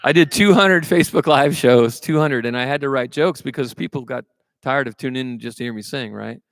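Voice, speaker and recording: A man's voice: medium pitch, a little fast, gravelly, no echo, studio quality. A man from California who is a singer-songwriter, chatting and telling self-mocking jokes between songs at a live show. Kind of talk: stage banter and joke-telling between songs.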